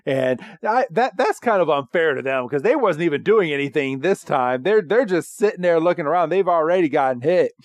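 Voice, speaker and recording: A man co-hosting a podcast, casually recapping a cartoon episode in a rambling, halting way. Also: on the high side, lively intonation, no room sound. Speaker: podcast co-host.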